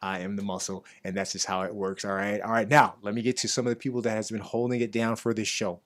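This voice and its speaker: A middle-aged man with a low-pitched voice hosts a relaxed talk show. He speaks casually, then grows lively and energetic when he gives shout-outs. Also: fast. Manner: animated, hyped during shout-outs. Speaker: show host. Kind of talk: casual interview chat.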